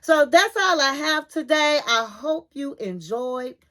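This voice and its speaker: A woman's voice: high voice, lively intonation, slow, a bit bright. A woman hosting her own channel, recapping reality TV in a chatty, folksy storytelling way. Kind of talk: casual gossip recap.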